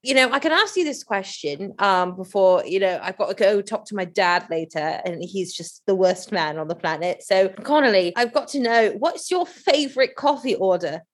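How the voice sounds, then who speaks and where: A woman's voice: medium pitch, expressive, moderate pace, hardly any pauses, lightly acted. A woman improvising a British male trolley driver who loves coffee and resents his father, with a put-on British accent and a playful, rambling manner. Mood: chatty. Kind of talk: improvised character bit.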